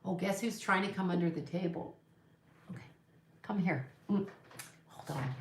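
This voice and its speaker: A woman runs a casual livestream and chats with viewers in an opinionated, gossipy way. Her voice is bright and forward. The sound is roomy and echoey, like a phone or webcam picking her up in a room at home. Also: mid-range voice, big pitch swings, moderate pace. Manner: chatty, opinionated, gossipy asides. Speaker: psychic livestream host. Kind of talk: casual livestream chat reading comments.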